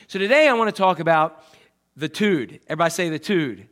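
A man's voice: on the high side, lively intonation, brisk, fairly bright tone. Conversational man preaching a sermon. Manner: conversational, asks the congregation questions. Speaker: pastor.

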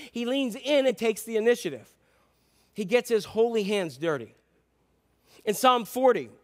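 A middle-aged man, a pastor, preaching a sermon in a conversational way with asides and restarts. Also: high-pitched.

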